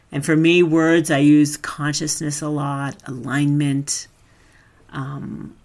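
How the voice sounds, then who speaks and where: A woman talks through a branding lesson in a casual webinar. Her delivery is loose and chatty, as if she is thinking aloud. She turns direct and emphatic when she is coaching. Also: low voice.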